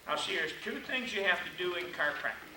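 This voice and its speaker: An older man giving a chiropractic lecture, telling folksy, animated stories and acting out the quotes. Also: high voice, fast talker. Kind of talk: storytelling seminar lecture. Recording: echoey room, far mic, noisy.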